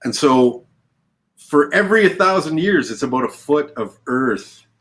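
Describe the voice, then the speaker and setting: A man from British Columbia in Canada, a podcast guest, explains things in a relaxed way, with small repetitions. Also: on the high side, unhurried. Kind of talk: explaining in an interview.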